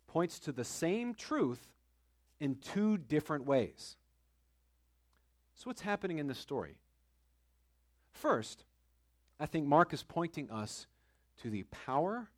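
Animated man preaching a sermon. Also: on the high side. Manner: animated, conversational, dramatic shifts between loud and soft. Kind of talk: sermon with personal storytelling.

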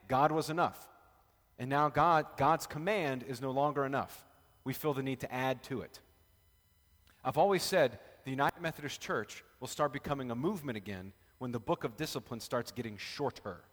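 In a church room with a group present, a male pastor runs an informal Bible study, talking with everyone and cracking jokes. He speaks briskly at a medium pitch with a fairly bright tone, while the big space gives a long echo.

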